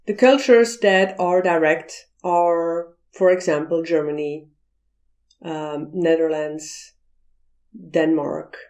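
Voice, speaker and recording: A woman's voice: low voice, fairly even intonation, darkish tone. A woman explaining cultural communication in a video lesson, acting out example phrases as she goes. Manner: slow, deliberate explaining, acting out quoted voices. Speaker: cross-cultural communication teacher.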